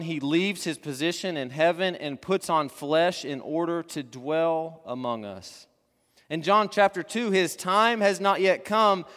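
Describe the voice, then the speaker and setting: A man preaching a sermon, building to fervent emphasis and then dropping to soft, hushed endings. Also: a little high. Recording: long hall reverb.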